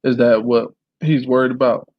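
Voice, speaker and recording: A man reading a memoir aloud in a plain, steady way, now and then clearing his throat. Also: medium pitch, normal speed, dry recording, dull audio. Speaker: reader.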